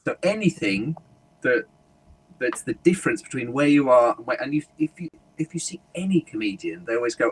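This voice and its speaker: Dry, teasing man with a husky voice. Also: mid-range voice, sing-song, brisk, poor audio. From London. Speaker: guest humorist and speaker. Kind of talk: conversational interview storytelling.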